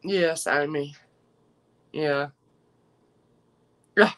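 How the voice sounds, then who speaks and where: A woman's voice: sits low, very slow, rough recording. A woman, chatting heartfelt and openly to her live-stream viewers as a jewelry seller.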